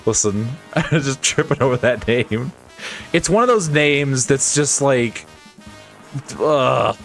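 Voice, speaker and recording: A man's voice: medium pitch, lively intonation, slow, vocal fry, faint music behind. A man streaming a game, reading its dialogue aloud and joking with his chat between lines in a playful, chuckling way.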